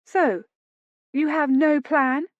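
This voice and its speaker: A woman reading an audiobook, voicing a prim, sharp-tongued young lady with frosty indignation. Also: high-pitched, steady tone, takes it slowly, dry recording, voice pushed up. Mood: indignant. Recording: dull dry lo-fi studio read.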